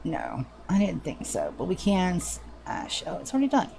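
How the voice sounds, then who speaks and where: A woman's voice: fairly low pitch, wildly swooping pitch, normal speed, gravelly, dark tone. A woman streaming a game live, chatting casually and swearing freely with a self-mocking, sarcastic manner. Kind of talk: casual live gameplay chat.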